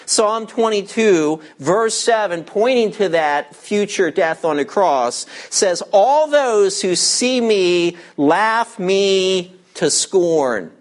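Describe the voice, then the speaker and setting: Slow, emphatic male preacher. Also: high-pitched, lively intonation. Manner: emphatic, teacherly, asks and answers his own questions. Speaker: pastor. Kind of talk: sermon.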